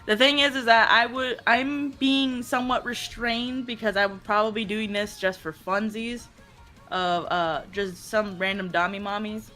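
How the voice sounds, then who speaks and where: Bright, teasing woman on a call. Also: medium pitch, steady tone, soft background music. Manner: playful and teasing, quick talker. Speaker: co-streamer on a voice call. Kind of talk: casual livestream chat.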